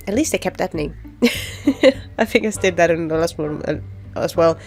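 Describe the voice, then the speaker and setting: A woman's voice: lowish voice, normal speed, darkish tone, soft background music. A woman giving casual, rambling gameplay commentary, chatty and giggly. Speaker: let's play commentator.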